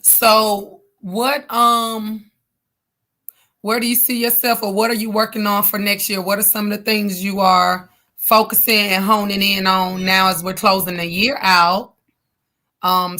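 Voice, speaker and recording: A woman's voice: mid-range voice, little pitch movement, measured pace, bright, forceful tone. A woman hosting an interview, asking encouraging, reflective questions in a casual way. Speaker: interview host.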